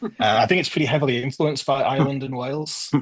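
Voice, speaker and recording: A man from northwest England hosting a trivia quiz over a video call, going through the answers casually with frequent ums and pauses. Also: medium pitch, no room sound, rough recording. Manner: hesitant, lots of ums. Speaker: quiz host.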